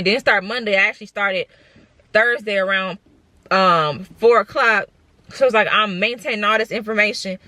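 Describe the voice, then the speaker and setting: Young woman excitedly telling a story to camera. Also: mid-range voice, a little hiss or hum. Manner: excited, repetitive, talks straight to viewers. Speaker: vlogger. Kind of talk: casual storytime vlog.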